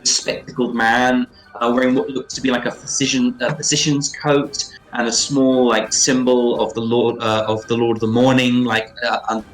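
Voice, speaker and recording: A man narrating as game master of a tabletop game, halting with many fillers and restarts. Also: mid-range voice, flat delivery, rough recording. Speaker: dungeon master. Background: faint background music.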